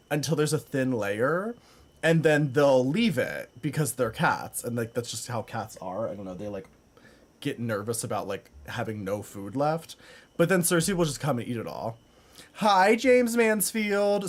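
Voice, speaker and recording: Lively, rambling male streamer. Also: medium pitch. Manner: rambling, many "like" fillers, laughs often. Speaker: live streamer. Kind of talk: casual chat with stream viewers. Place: home room.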